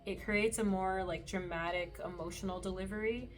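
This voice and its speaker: A woman hosting a screen-recorded tutorial, explaining settings in a relaxed, explanatory way with the odd soft laugh. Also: mid-range voice, moderate pace. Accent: Canadian. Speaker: meditation creator and tutorial host.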